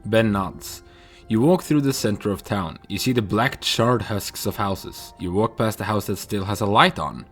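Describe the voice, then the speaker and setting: A man playing a text adventure game, reading the story out and musing over his choices with hesitant pauses. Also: on the low side, a bit bright, soft background music. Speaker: player narrating a text adventure. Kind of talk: reading and thinking aloud.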